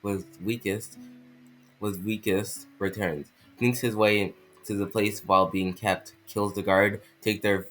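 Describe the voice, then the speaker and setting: A man's voice: lowish voice, level tone, fairly bright tone, faint music behind, rough recording. A man voicing an eager, insistent male ninja investigator with a put-on French accent, stumbling and restarting as he reads. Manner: stumbling, halting reading with restarts.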